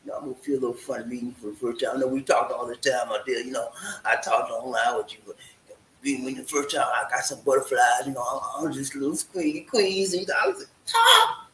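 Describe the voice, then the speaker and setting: A man's voice: mid-range voice, steady tone, fast, a bit bright. A man giving relationship advice in a casual talk, full of rhetorical questions and repeated "man". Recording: echoey room with faint noise.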